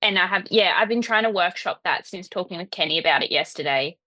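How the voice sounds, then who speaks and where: A woman's voice: fairly low pitch, animated, fast talker, over a noisy crowd. A young woman as a client on a coaching call, hesitant and full of fillers. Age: young adult.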